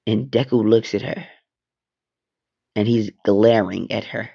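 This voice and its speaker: A young man narrates a fan story in a casual, offhand way, wandering into rambling asides and swearing. He talks slowly, in a low, gravelly voice. The recording sounds dull and lo-fi. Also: level tone, mellow.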